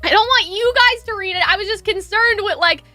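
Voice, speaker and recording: A woman's voice: very high-pitched, a little fast, pushed and bright, no room sound, soft background music. A woman co-hosting a casual livestream review, rambling and filling her talk with "like" and "you know". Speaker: co-host of a show review livestream.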